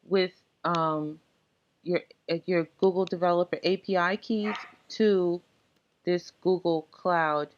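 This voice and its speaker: A woman giving a casual tech tutorial, explaining setup steps in a relaxed, halting way with frequent fillers. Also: on the low side, dull audio. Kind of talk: casual screen-recorded walkthrough.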